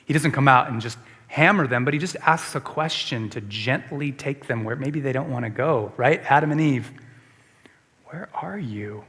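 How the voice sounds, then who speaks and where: A man preaching a sermon as pastor, earnest and questioning, moving between emphatic lines and hushed ones. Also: mid-range voice, moderate pace, slightly rough, big-room sound. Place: church.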